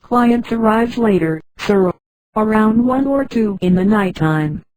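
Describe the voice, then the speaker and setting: A man's voice: sits high, animated, slow, darkish tone, low-quality recording. A synthetic woman's voice reading the lines of a polite restaurant waiter who addresses the guest as sir. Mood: courteous. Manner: courteous, says sir.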